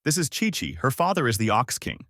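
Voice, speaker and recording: A man's voice: medium pitch, big pitch swings, a little fast, fairly bright tone, dry recording, clean studio sound. Goku, a cheery young fighter, voiced by a man.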